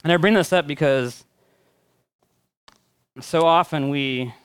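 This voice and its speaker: A man preaching a sermon as a pastor. He tells a story with building phrases and hushed endings, then reflects with pauses and fillers. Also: fairly high pitch, smooth.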